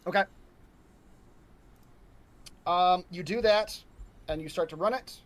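A man narrating a tabletop horror game as game master, halting and full of restarts. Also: sits high, fairly bright tone. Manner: halting, restarts mid-sentence, many ums.

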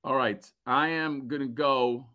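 A man's voice: medium pitch, fairly even intonation, unhurried, sharp tone. A man co-hosting a toy livestream, joking and announcing giveaway winners playfully. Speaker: co-host. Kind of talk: casual livestream chat.

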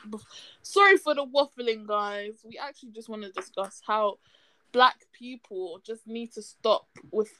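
A young woman trades teasing, provocative jokes with her co-host. Her voice is somewhat high, and the chat is loose and casual. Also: a little slow, sharp tone, low-quality recording. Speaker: podcast co-host.

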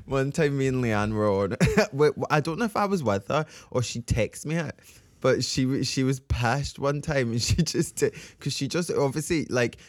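A young man co-hosting a chatty podcast and throwing in quick quips. His pitch swings a lot as he talks, and he laughs easily. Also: expressive, no room sound. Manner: quick banter, frequent laughter. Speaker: podcast co-host. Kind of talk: casual chat.

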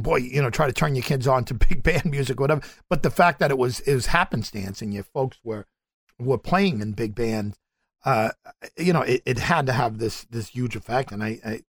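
Halting male talk show host, dry sound. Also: mid-range voice, animated, dry recording. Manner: halting, many fillers and restarts. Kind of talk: interview.

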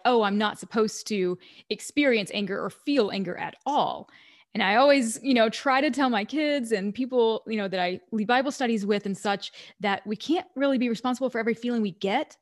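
A woman hosts a podcast and responds to her guest in a reflective, affirming way. She talks through her thoughts at an even, conversational pitch. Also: fairly quick. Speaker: podcast host. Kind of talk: podcast interview.

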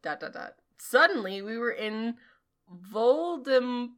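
A woman's voice: mid-range voice, sing-song, slow, sharp tone. A young woman co-hosting a podcast, reading a fanfic aloud in mock-dramatic voices and laughing often. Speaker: podcast co-host.

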